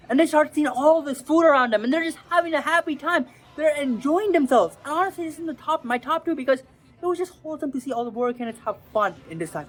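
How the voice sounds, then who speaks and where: A woman talking casually and excitably in a commentary vlog, with slang and swearing, acting out quotes. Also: high voice, breathy edge. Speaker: anime video creator.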